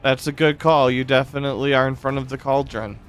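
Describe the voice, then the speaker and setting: A man's voice: mid-range voice, fairly even intonation, a little fast, soft background music. A man narrating and ruling as dungeon master of a tabletop game, easygoing and focused on the rules.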